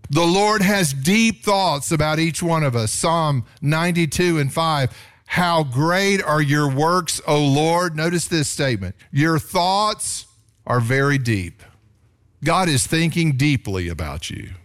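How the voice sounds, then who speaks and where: A male pastor preaching a sermon, his voice jumping up on points of emphasis. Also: slow. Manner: animated preaching, pitch rising sharply on emphasis.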